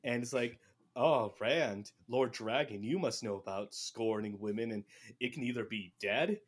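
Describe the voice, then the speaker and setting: Animated man recapping a fantasy book. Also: mid-range voice, a little slow. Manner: animated, acts out characters' lines. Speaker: podcast host recapping a book. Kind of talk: casual chat.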